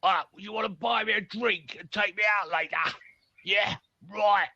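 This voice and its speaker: Man doing a coy, squeaky film star woman, pitched way up. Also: moderate pace, bright, forceful tone, no room sound, muffled recording, full character voice. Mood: flirty. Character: glamorous female film star with a silly squeaky voice.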